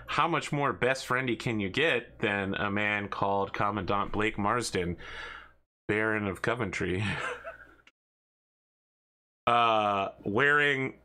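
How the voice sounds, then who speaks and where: A man running a tabletop game as game master, telling stories in an animated, jokey way. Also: fairly low pitch, slow pace, pauses often. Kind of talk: tabletop game narration, casual chat.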